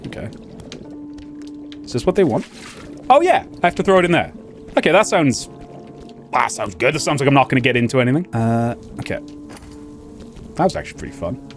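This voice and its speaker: Excitable man playing a game. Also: medium pitch. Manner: excitable, laughing, chatty asides. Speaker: gaming channel host. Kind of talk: casual gameplay commentary.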